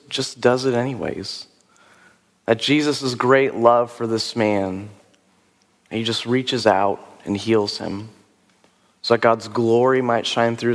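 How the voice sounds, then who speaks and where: Pastor with a rough voice in a reverberant hall. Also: male voice, fairly low pitch. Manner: conversational, musing, with fillers and rhetorical questions. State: rough voice after a sore throat. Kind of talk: sermon with altar call. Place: church service.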